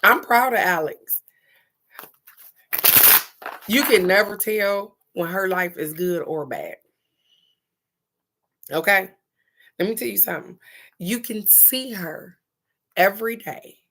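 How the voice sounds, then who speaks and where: Slow, bright-voiced woman reading cards live. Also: medium pitch. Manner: warm, chatty, laughs often, talks to viewers by name. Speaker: live-stream card reader. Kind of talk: casual live-stream card reading.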